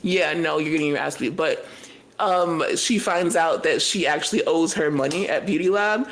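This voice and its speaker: A young woman co-hosting a podcast, recapping a reality show in casual chat, animated and profane, telling the story in bursts. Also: low-pitched, normal speed, low-quality recording. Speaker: podcast co-host.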